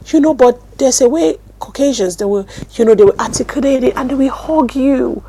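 A Nigerian woman teaching a sermon, animated storytelling that swings from loud bursts to hushed words, speaking into a mic at a desk. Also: high-pitched, fairly quick, few pauses. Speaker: apostle and teacher.

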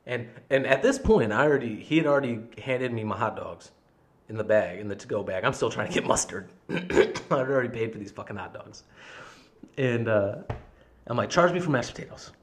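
A male podcast host telling a story in a loose, casual monologue. His voice sits in a mid range, and he swears freely as he works himself up. When he quotes his own yelling, he acts it out. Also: mid-range voice, normal speed. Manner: heated, profane storytelling with frequent swearing.

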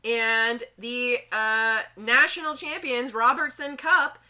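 A woman co-hosting a casual sports chat podcast, excitable, breaking into loud cheers and laughter. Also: on the high side, slow pace. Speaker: podcast co-host. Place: Boulder area.

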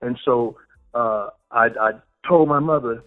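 A man's voice: medium pitch, measured pace, narrow, tinny audio, soft background music. A man hosting a podcast who tells a childhood story in a reflective way and affirms his guest often. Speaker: podcast host. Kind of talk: conversational interview.

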